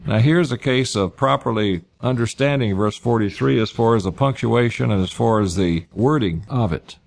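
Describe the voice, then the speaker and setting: A man's voice: mid-range voice, normal speed, vocal fry. A man preaching a sermon, reading scripture aloud and retelling it in everyday words. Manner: reads scripture aloud and paraphrases it in plain speech.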